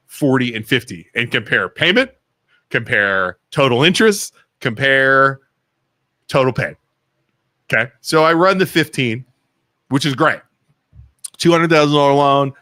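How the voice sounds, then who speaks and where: A man co-hosting a casual talk show, telling blunt, animated stories and acting out what others said. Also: medium pitch, no room sound, clean studio sound. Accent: Ohio. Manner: blunt, animated storytelling, acts out quotes. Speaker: co-host, mortgage broker. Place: small studio.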